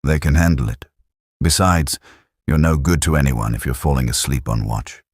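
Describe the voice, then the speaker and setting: Welsh sergeant, blunt and practical, husky , voiced by a man. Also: rumbling low, normal speed, no room sound, studio quality. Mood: brisk.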